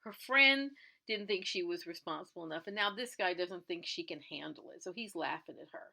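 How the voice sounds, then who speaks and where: A woman's voice: fairly low pitch, expressive, brisk, gravelly, sharp tone. A woman who resells clothing, chatting through a TV episode recap and acting out the characters' lines as she retells them.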